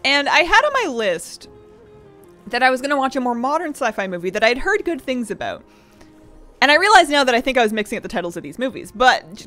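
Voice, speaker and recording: A woman's voice: a little high, a bit bright. A young woman streamer chatting casually with viewers, telling rambling stories with laughs.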